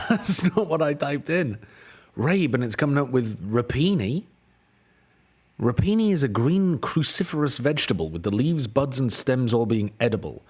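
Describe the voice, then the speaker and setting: A man's voice: medium pitch, animated, normal speed, slightly rough. A man from the UK, a streamer, thinking aloud while solving word puzzles, exasperated and swearing now and then. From United Kingdom.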